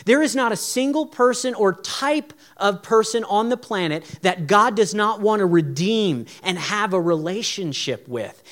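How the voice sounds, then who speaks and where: A man's voice: high voice, lively intonation, measured pace, few pauses, fairly bright tone. A young man preaching a sermon in an earnest, pleading, conversational way. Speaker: pastor.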